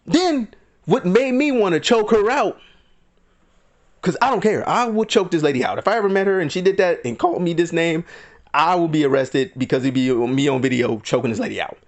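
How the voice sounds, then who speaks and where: Guy ranting on a vlog, high voice, swoops all over, gets worked up. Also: lively intonation, a little fast. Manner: heated, indignant, acts out quotes in mock voices. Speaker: vlogger. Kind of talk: ranting commentary.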